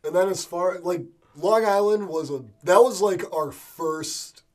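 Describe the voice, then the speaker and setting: A man's voice: high-pitched, measured pace, darkish tone. Rambling young band guy from upstate New York. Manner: rambling, many "like" fillers. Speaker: band member. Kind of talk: casual chat. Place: band practice space.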